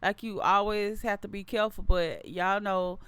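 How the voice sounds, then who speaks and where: A woman's voice: mid-range voice, fairly even intonation, normal speed, a bit bright, smooth, no room sound. A woman in her thirties hosting a casual livestream, chatting loosely and reading viewer comments aloud, often repeating and restarting her phrases. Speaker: livestream host.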